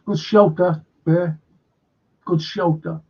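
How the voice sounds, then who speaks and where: A man's voice: a little high, steady tone, slow, vocal fry, a little mellow, husky. A man hosting a casual fan livestream, swearing a lot, rambling, and reading viewer comments aloud. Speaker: livestream host. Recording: dull lo-fi stream audio.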